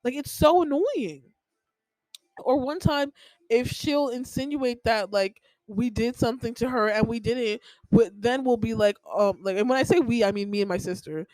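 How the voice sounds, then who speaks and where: A woman's voice: fairly high pitch, normal speed, a little mellow, no room sound, low-quality recording. A young woman hosting a podcast, telling a personal story in a rambling, heated way with lots of filler words. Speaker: podcast host.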